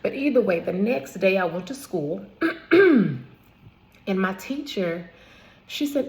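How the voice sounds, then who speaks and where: A woman's voice: medium pitch, expressive, takes it slowly, pauses often, a little mellow. A woman telling a personal story in a casual, emphatic way. She repeats phrases for weight, corrects herself and adds asides. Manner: repetitive, emphatic retelling with asides and restarts. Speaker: vlogger telling her own life story.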